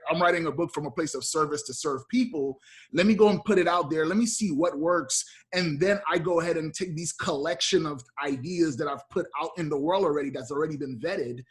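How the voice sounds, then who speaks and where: Upbeat man with a slightly high voice. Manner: enthusiastic, conversational, animated quoting. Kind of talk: casual podcast chat.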